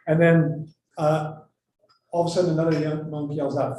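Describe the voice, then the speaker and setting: A man's voice: on the high side, fast, mellow. A man giving an academic lecture in a casual, conversational way, often breaking off his sentences and telling jokes. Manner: conversational, self-interrupting, tells jokes. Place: lecture hall. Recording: echoey hall, voice from far off.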